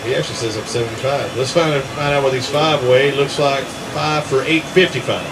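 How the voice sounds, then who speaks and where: A man's voice: mid-range voice, steady tone, brisk, noisy background. A man, emceeing an outdoor fishing tournament weigh-in, teasing anglers as he calls out names and weights. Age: 60s. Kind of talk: live event emceeing with banter. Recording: crowd chatter behind. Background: crowd.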